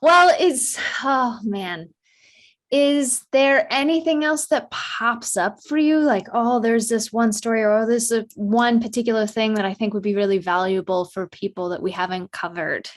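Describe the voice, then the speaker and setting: A woman hosts a podcast interview, asking open questions and reacting with eager praise. Her voice sits fairly high for a woman. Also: normal speed. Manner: effusive, enthusiastic reactions. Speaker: podcast host.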